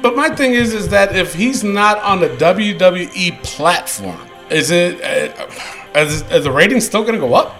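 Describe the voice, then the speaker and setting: A man hosting a wrestling podcast, talking loud and ranting with lots of swearing. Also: high-pitched, lively intonation, a little slow, soft background music, rough recording. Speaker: podcast host. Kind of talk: casual wrestling podcast chat.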